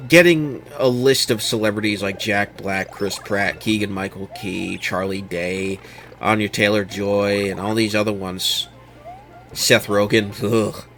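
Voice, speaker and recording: A man hosting a casual commentary show, giving opinionated, animated takes and mocking other people in quoted voices. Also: lowish voice.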